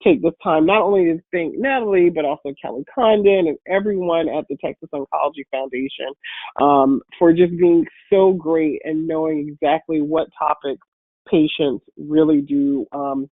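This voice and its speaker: A woman with a deep voice, congested and a bit hoarse from a cold, giving an upbeat, encouraging webinar talk as a guest speaker. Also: moderate pace, no room sound. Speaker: guest speaker and patient advocate. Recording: phone-like online call audio.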